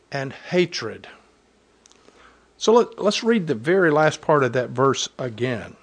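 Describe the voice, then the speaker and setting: A man with a slightly higher-pitched voice delivers a sermon to his congregation. He reads Bible verses aloud and presses his points with earnest emphasis. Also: very animated, measured pace, slightly rough. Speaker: preacher.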